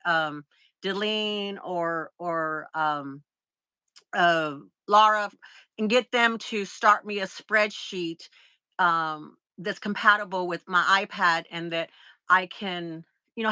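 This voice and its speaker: Chatty Southern woman, bright voice. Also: mid-range voice, no room sound. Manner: chatty storytelling, full of fillers and retold dialogue. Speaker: livestream host. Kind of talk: casual chat.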